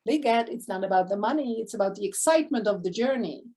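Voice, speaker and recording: A woman coach giving an enthusiastic motivational live talk to her online community, effusive, with sudden gasps and quick swings between loud and hushed. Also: mid-range voice, animated, slightly rough. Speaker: spiritual abundance coach.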